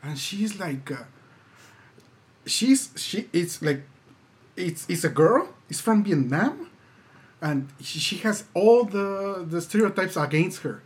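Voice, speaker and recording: A man from Mexico with a Mexican accent, Spanish his first language, chatting as a podcast guest in a halting way with many restarts. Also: high voice, lively intonation. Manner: halting, restarts a lot, laughs easily. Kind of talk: casual chat.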